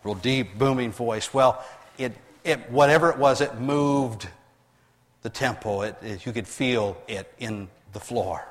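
A man preaching a sermon, reading scripture aloud and explaining it, with many restarts and swings between raised readings and quiet asides. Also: medium pitch, a little slow, big-room sound. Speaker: pastor.

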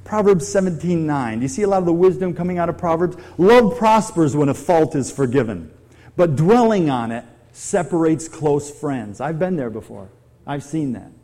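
A man's voice: fairly high pitch, expressive, moderate pace, mellow. A middle-aged man preaching a sermon, conversational and full of questions to his audience. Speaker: pastor.

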